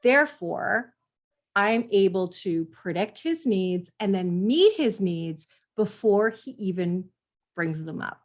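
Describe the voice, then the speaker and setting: A woman's voice: medium pitch, animated, takes it slowly. A middle-aged woman, a parenting coach, talking earnestly to parents in a conversational teaching style and sometimes acting out what parents and children say. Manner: earnest, explanatory, acts out quoted parents and kids.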